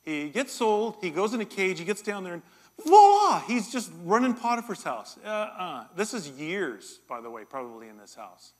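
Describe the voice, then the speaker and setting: Middle-aged pastor guy telling a hunting story in a sermon, fairly high voice, lively. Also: normal speed. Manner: animated storytelling, jokes with the congregation. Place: church hall.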